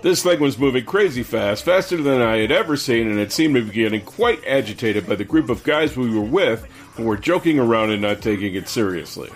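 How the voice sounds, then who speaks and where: A man's voice: mid-range voice, animated, fairly quick, hardly any pauses. Man reading stories on a podcast. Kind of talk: casual reading aloud.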